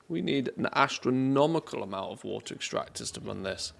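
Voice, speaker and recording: A man's voice: medium pitch, expressive, a little fast, vocal fry, fairly bright tone. A man streaming a game, chatting casually and thinking aloud as he plays. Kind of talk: casual live-stream commentary.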